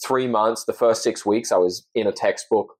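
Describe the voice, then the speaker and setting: With a lowish, slightly mellow voice and a moderate pace, this Australian-accented man talks as a guest on a podcast. An actor, he reflects earnestly in the casual interview and frequently starts his sentences over.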